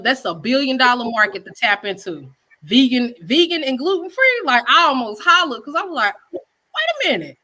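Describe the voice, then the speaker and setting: A woman chef and business owner from Texas, telling her story in a chatty, animated way on a video call. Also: mid-range voice, rough recording. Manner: animated, acts out quotes in a chatty Southern style. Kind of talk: casual storytelling interview.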